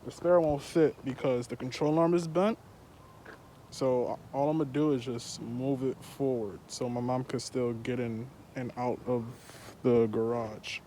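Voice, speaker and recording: A man's voice: mid-range voice, fairly even intonation, measured pace, dark tone, a little hiss or hum. A young man vlogging casually while working on his car, with loose slangy talk and a bit out of breath under a mask. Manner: laid-back slangy talk. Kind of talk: casual vlog narration.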